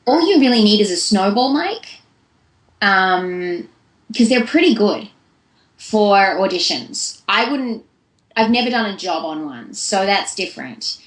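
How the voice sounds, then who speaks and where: A woman's voice: medium pitch, big pitch swings, measured pace, echoey room, rough recording. A young woman, a voice actress, giving chatty, long-winded answers in a casual interview. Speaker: voice actress guest.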